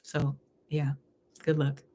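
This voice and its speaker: A woman's voice: deep voice, monotone, slow pace, background noise. A woman giving a live spiritual reading in casual chat, who laughs often and repeats phrases. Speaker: spiritual reader.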